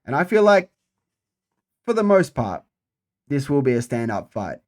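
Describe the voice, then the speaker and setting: A man's voice: medium pitch, darkish tone. A young man giving a casual, profane breakdown of upcoming fights, repeating himself for emphasis. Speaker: MMA fight predictor.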